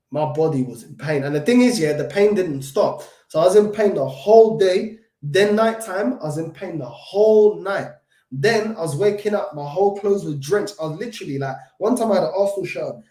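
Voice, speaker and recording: A London man hosting a football fan channel, chatting casually with his live chat, slangy and animated, still short of breath from covid. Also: a little high, a little fast, echoey room.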